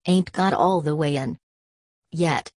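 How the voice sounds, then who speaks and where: A woman voicing a plain-spoken dog musher with rough, folksy speech in a storybook reading. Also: low-pitched, takes it slowly, darkish tone, no echo, studio quality. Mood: matter-of-fact.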